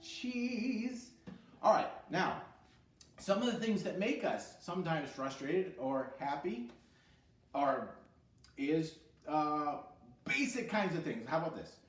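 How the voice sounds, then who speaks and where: A man with a high, lively voice leads a children's music therapy lesson, asking questions and answering them himself. He now and then slips into short sung lines, heard a little off-mic in an echoey room with guitar behind him. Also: measured pace, long pauses, far from the mic. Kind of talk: recorded e-learning lesson for children.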